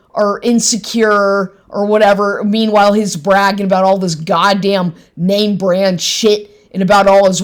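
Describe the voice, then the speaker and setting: An indignant woman pours out a profane, angry monologue at a middle pitch. She swears constantly and keeps breaking off and restarting her sentences.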